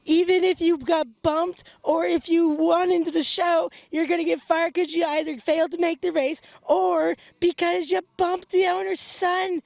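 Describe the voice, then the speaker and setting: A man's voice: level tone, moderate pace, hardly any pauses, a little mellow, dry recording. A man voicing a rowdy, boastful stuffed beaver mascot who gloats and taunts with fake sobbing. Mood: gloating. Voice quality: squeaky and gravelly. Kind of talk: comedic character rant.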